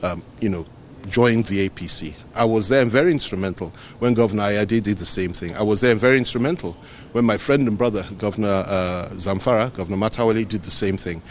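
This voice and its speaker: A politician speaks in a low register, earnest and insistent as he hammers home his points. Faint noise sits under the voice throughout the statement. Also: fast talker. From Nigeria. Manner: earnest, repetitive, emphatic. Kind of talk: press statement.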